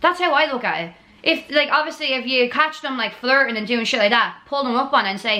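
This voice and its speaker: A woman's voice: on the high side, fairly quick, pushed and bright. A young woman with a Dublin Irish accent in her twenties, chatting casually to camera, blunt and sweary, with lots of "like" and "um". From Ireland. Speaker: vlogger answering viewer assumptions.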